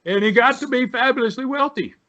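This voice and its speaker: Older male guest, high-pitched for a man, folksy rambling storyteller, lo-fi sound. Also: brisk, sharp tone. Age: 70s. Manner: folksy, rambling, frequent "right?" and "you know". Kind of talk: storytelling in an interview. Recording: dull lo-fi.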